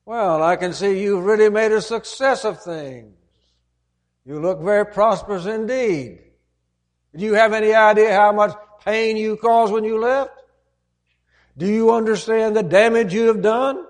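A man's voice: sits high, measured pace, pitched above the performer's own voice. A man voicing a scornful father who mocks his returning son with sarcastic, indignant questions. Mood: sarcastic scolding. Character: scornful scolding father, middle-aged man.

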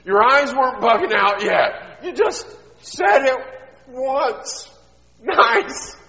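A man voicing a cheeky young boy, squeaky and drawn out. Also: lively intonation, slow pace, creaky, bright, forceful tone, full character voice. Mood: amazed. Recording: echoey hall, dull sound.

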